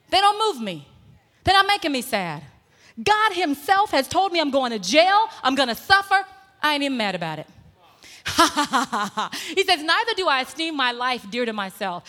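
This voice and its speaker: A woman preaches with a bright, forceful voice pitched a little high. She mixes jokes with emphatic, shouted points. Her voice rings out in a long reverb, as in a big church. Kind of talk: sermon. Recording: long reverb in a large hall.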